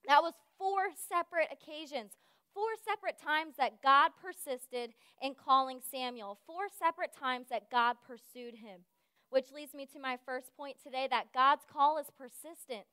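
A woman giving a sermon, telling a lively personal story and acting out the voices of the people in it. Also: high-pitched, a little slow, dry recording, studio quality. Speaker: speaker at a church service.

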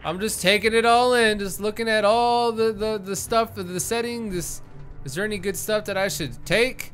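A man giving casual, jokey let's-play commentary, reacting excitably to the game. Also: high voice, moderate pace, faint music behind. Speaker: gaming YouTuber.

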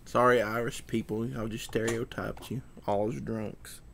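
A man chatting casually and relaxed, teasing and joking. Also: on the low side, normal speed, creaky, slight background noise. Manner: relaxed, teasing, jokes and speaks to his dog. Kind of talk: casual chat. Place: Texas, USA.

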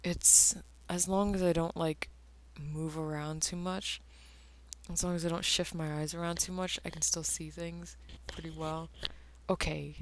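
Low-pitched and flat, a woman talks at a measured pace while she draws on camera for her vlog. She's drunk, so her casual rambling slurs, she curses frequently, and her sentences fade into murmurs.

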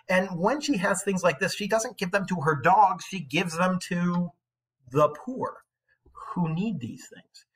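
A man's voice: fairly high pitch, fairly bright tone, slightly rough. A male teacher reading an old poem aloud and stopping for casual, questioning asides.

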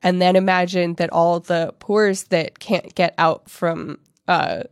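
A woman co-hosting a podcast, talking fast and laughing often as she retells a book in casual chat. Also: lowish voice, clean tone, no room sound, clean studio sound. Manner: quick, laughing, animated retelling. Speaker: podcast co-host.

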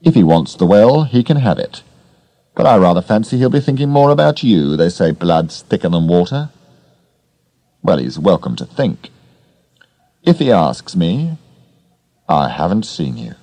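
A grim, heavyset villain voiced by a man in an audiobook, talking in slow, deliberate threats. The voice sits very low with a gravelly edge and a dark tone. The sound is dry and close. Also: very animated, dry recording, heavily acted. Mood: menacing. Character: fat, flabby, grim male villain. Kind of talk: audiobook character reading.

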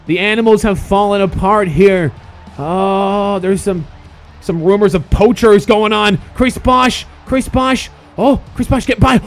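A young man calls his own basketball game in a high, excitable voice, breaking into shouts and curses at his players. Faint music plays under him. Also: normal speed. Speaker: gaming host. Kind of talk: gameplay commentary.

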